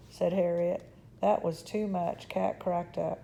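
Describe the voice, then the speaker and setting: Slow, gravelly woman reading a storybook. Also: on the low side. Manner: calm, measured, occasional restarts. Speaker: children's book reader.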